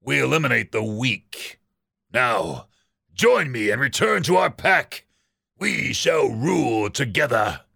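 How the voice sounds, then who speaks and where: A man's voice: mid-range voice, animated, vocal fry, bright, forceful tone, slightly rough, no echo, clean studio sound, heavily acted. A man voicing an older male fox pack leader, cruel and commanding, in a storybook reading. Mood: menacing. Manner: slow, measured menace.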